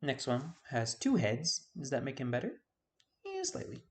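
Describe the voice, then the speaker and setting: A man's voice: mid-range voice, expressive, normal speed, darkish tone. A man giving casual video game commentary, rambling and forgetting names with self-deprecating asides. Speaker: YouTube host.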